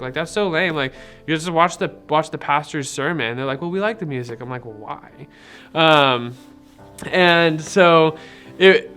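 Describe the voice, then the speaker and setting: A young man with a bright, forward voice at a middle pitch tells his faith story in a loose, rambling way. He leans on fillers and acts out past conversations. Soft guitar music plays faintly underneath. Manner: rambling and conversational, many fillers and retold dialogue. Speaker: person sharing a faith testimony. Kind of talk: casual personal testimony.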